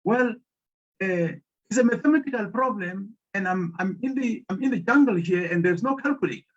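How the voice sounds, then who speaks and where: Man doing a scared young woman, high voice, anxious, pleading, muffled lo-fi sound. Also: normal speed. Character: frightened young woman gathering firewood. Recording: muffled lo-fi audio.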